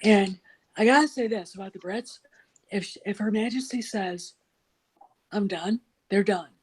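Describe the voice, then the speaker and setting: A woman's voice: medium pitch, unhurried, darkish tone, breathy edge, rough recording. A woman talking emphatically and outspokenly as a guest in a casual political chat. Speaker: podcast guest.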